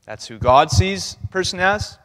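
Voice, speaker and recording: A man giving a relaxed, conversational sermon in a church, chuckling as he speaks and acting out what people said. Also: high-pitched, moderate pace. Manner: conversational, laughing, acts out quotes. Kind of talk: casual sermon talk. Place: church sanctuary. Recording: long church-hall reverb.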